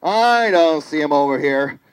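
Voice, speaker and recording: A puppeteer voicing a zookeeper at a live children's puppet show, animated and calling on the kids to join in. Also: mid-range voice, unhurried, slight background noise, rough recording. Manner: animated, calls on the audience to join in. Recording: live show with audience and music.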